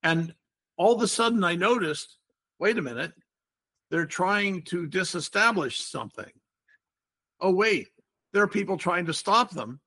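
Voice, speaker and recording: A man's voice: sits high, animated, measured pace, pauses often, bright, forceful tone. An older man hosting a casual podcast chat, explaining word games in a playful, wordy way. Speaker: podcast host.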